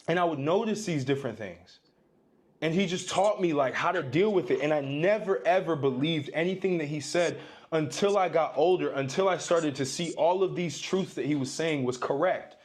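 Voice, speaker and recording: A man recounts his own experiences in loose, casual storytelling. His voice sits somewhat high for a man. He talks in an easy, conversational way. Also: animated, moderate pace. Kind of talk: personal storytelling.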